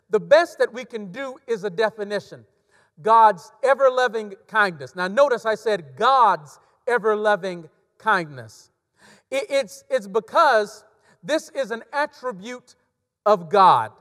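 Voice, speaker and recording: A man preaching a sermon as a pastor, emphatic and repeating key phrases, swinging between loud stresses and hushed drops. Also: extremely high pitch. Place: church sanctuary. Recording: long church reverb.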